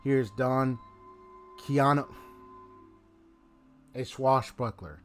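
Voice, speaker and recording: A man's voice: mid-range voice, extremely slow, faint music behind. A man reading as a cheerful little girl host. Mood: chatty. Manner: reads game dialogue aloud in a plain voice, stumbling now and then.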